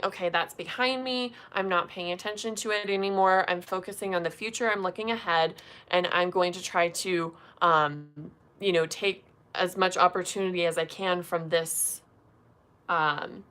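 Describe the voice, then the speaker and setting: Her voice on the low side yet bright and forceful, a young woman reads tarot on a laid-back livestream. She pulls cards live and chats constantly, sprinkling in "um" and "like."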